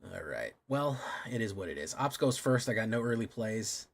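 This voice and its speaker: A man's voice: lowish voice, big pitch swings, moderate pace, creaky. A young man streaming a card game, muttering play-by-play and swearing when frustrated. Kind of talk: live gameplay commentary. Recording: noisy room ambience behind.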